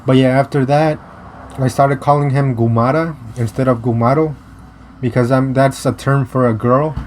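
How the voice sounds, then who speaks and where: A young man from the United States telling a personal story in a casual vlog, halting and restarting often, blunt and profane. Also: medium pitch, fairly even intonation, a little mellow, a little hiss or hum. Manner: rambling, halting with many restarts and fillers.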